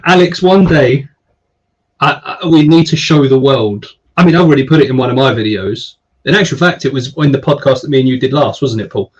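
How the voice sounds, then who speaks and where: A man hosting a casual live stream, chatting and giving viewers shout-outs. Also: medium pitch, a little fast, husky. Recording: slightly dull stream audio.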